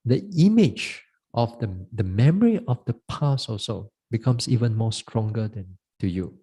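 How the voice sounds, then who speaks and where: Monk giving a meditation talk, soft mellow voice, lots of uh and repeats. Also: male voice, on the low side, lively intonation, breathy edge. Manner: halting, repeats words, many "uh" fillers. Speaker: Buddhist monk teaching meditation. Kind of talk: dharma talk.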